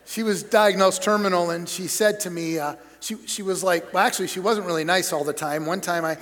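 A middle-aged man preaching a sermon as pastor, conversational and joking, swinging between loud emphasis and soft storytelling. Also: high-pitched, fairly even intonation, a little fast. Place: church sanctuary. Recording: long reverb of a large church hall.

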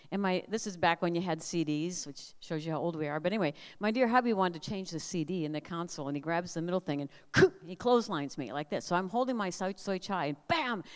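An older woman from Minnesota giving a humorous storytelling talk at a family camp, lively and animated. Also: lowish voice, clean tone. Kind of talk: storytelling sermon. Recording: long hall reverb.

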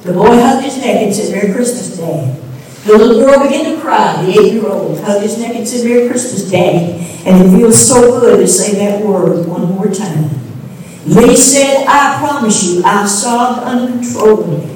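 A woman's voice: medium pitch, moderate pace, darkish tone, slight background noise. Woman preaching in an echoey church. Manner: storytelling preacher, rising to sung emphasis. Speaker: pastor's wife preaching. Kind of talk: sermon. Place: church sanctuary. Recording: echoey room from a distance.

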